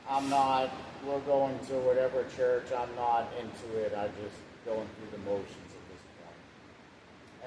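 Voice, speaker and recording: A man's voice: medium pitch, flat delivery, measured pace. A man in his thirties, casually telling his life story in a rambling, plainspoken way, now and then swearing. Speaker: husband sharing his testimony. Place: room at home. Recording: echoey room with background hiss.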